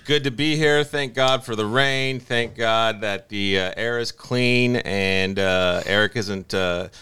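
A man co-hosting a casual podcast, joking in a deadpan way with lots of fillers. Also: fairly low pitch, slow, smooth. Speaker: podcast co-host. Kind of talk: casual chat.

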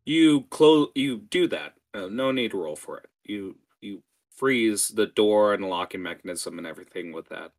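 A man running a tabletop game as game master, talking in a lively, rambling way with fillers. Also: on the low side, moderate pace.

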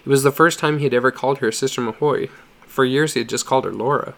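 A man reading a story aloud in a steady, measured narration. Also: mid-range voice, vocal fry. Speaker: audiobook reader.

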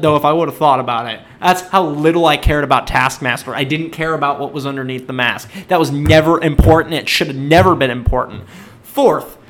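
A man ranting in exasperation during a casual movie review chat, swinging into loud outbursts. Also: fairly high pitch.

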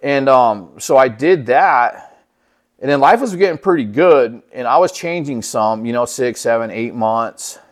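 Laid-back man telling a rough story. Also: medium pitch, expressive, unhurried. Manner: profane, laid-back, acts out quoted dialogue. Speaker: guest sharing his recovery story. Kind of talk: casual storytelling.

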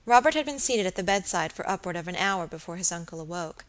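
A woman narrating a Victorian novel as an audiobook, in a measured storytelling manner. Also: lowish voice, lively intonation.

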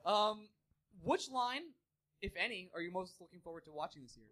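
A man hosting a live podcast, teasing his co-hosts and asking the questions in quick banter. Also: sits high, animated, bright, forceful tone. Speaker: podcast host.

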